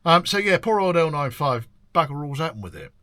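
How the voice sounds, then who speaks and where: With a voice on the high side, very animated and a little fast, this older man sounds bright and forceful in a recording with no room sound. He owns a classic car workshop and hosts a video channel, rambling casually to camera about his year, swearing mildly and dropping frequent ums.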